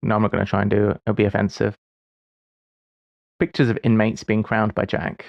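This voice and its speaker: A man's voice: fairly low pitch, flat delivery, fairly quick, creaky, dry recording, lo-fi sound. A man in his forties streaming live, musing aloud as he solves puzzles, with wry, self-deprecating asides. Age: 40s. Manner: muses aloud while solving puzzles. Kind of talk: casual livestream chat.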